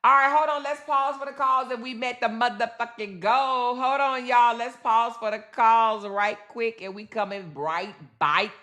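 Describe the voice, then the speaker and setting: A woman's voice: a little high, steady tone, normal speed, hardly any pauses, bright, forceful tone. A woman hosting a casual livestream, reading chat comments aloud and venting bluntly with lots of swearing and repetition. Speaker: livestream host.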